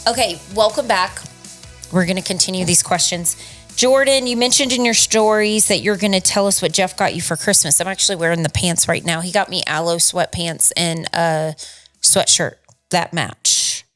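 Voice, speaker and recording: A woman's voice: on the low side, normal speed, fairly bright tone, faint music behind. Chatty Southern woman co-hosting a podcast. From Southern United States. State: tired from little sleep. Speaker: podcast co-host. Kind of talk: casual chat.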